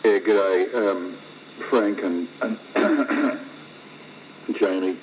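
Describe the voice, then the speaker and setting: An Australian man speaking deliberately, with hesitations, on an amateur radio net. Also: a bass voice, steady tone. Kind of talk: casual amateur radio chat. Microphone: ham radio transceiver mic. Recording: dull, noisy radio transmission.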